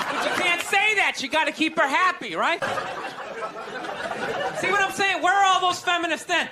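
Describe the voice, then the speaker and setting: American comic ranting and cussing on stage, shouty, big echoey theater with a loud crowd. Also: male voice, very high voice, normal speed, long pauses, noisy background. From United States. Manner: ranting, profane, shouts punchlines. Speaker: stand-up comedian. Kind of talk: stand-up comedy set. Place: theater stage before a live audience.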